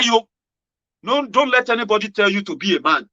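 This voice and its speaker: A fairly high-voiced man with a Nigerian accent talks in a casual, animated monologue, breaking into Pidgin. His tone is bright and forceful, and he swings between loud outbursts and quiet murmurs. The recording is dry and a little dull. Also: normal speed, no echo. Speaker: political commentary host. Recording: dull lo-fi sound.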